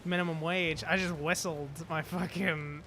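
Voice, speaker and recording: A young British man streaming, telling a rambling story with lots of swearing, fillers and restarts. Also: fairly high pitch. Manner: halting, swears a lot, many fillers and restarts. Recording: steady background noise.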